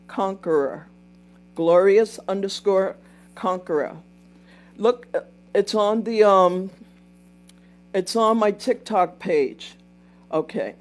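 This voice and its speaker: An older woman with a medium-pitched, darkish voice chats through a story on her casual livestream. She often circles back to repeat herself and stops to thank viewers and reply to them.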